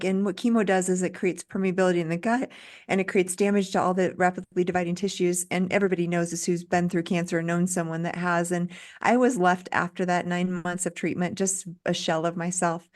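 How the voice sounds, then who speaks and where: A middle-aged woman, a doctor being interviewed, talking earnestly and encouragingly as she lays out lessons step by step. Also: fairly low pitch. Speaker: guest doctor. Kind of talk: interview conversation.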